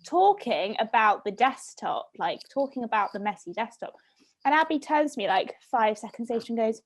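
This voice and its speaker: A young woman in casual chat over a video call, telling a story with lively acted-out quotes. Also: on the high side, moderate pace. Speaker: guest.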